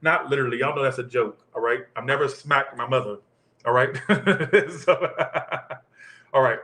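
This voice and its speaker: A man with a drawl reads tarot cards live in loose, profane, teasing banter, at a middling pitch for a man. His voice rings with a roomy echo. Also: steady tone, quick pace, sharp tone. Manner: crude, joking, profane banter. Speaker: tarot reader. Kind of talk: live tarot reading chat.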